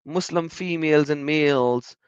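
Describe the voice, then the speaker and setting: A man's voice: fairly high pitch, normal speed, clear, resonant tone, no room sound. Emphatic man in dull dry recording. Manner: emphatic, repeats words for stress. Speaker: commentator. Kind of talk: reaction commentary on video clips.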